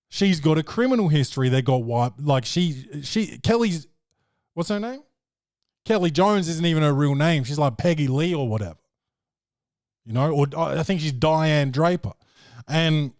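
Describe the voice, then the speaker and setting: A man's voice: on the high side, darkish tone, dry recording, studio quality. A man hosting a podcast, recapping a film in a brash, profane and joking way. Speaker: podcast host. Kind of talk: casual film review chat.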